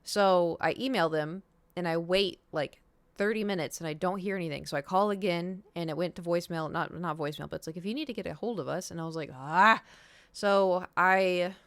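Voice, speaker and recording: A woman's voice: on the low side, a little fast, fairly bright tone, no echo. A young woman streaming, telling a long story in casual chat, acting out what people said and swearing now and then. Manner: rambling storytelling, acts out quoted dialogue, swears.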